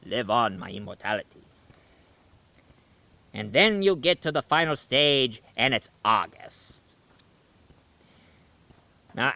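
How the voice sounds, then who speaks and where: A man playing Dracula, a male vampire who is tired of killing, giving a slow, rambling video game review in character. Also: medium pitch, pushed and bright, a little hiss or hum, exaggerated voice. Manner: slow, rambling, self-correcting.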